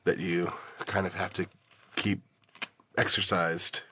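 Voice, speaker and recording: A man voice actor in casual podcast chat, relaxed and measured, telling wry anecdotes. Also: deep voice, a little hiss or hum.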